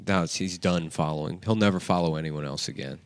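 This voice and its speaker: A man on a casual comedy podcast, speaking in a dry, low-key deadpan. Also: fast talker, clear, resonant tone. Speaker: podcast guest.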